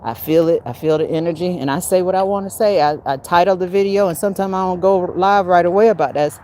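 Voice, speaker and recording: A woman hosting her own livestream, talking casually and preachily about spiritual warfare, laughing often and swinging from loud bursts down to low mutters. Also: quick pace, a little hiss or hum. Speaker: livestream host.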